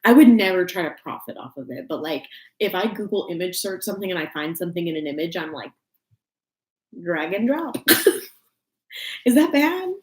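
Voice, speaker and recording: A woman's voice: fairly low pitch, expressive, fairly quick, a little mellow. A young woman with a Texan accent chatting on a crafting livestream at home, rambling and giggling with many fillers. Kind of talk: casual livestream chat. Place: room at home. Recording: roomy home echo.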